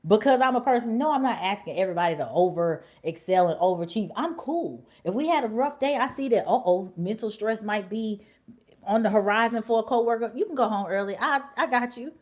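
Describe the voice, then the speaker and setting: A young woman hosting a livestream, talking in a blunt, animated way with slang and swearing. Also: medium pitch, brisk. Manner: drops to whispers at times. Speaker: livestream host. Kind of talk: casual livestream chat.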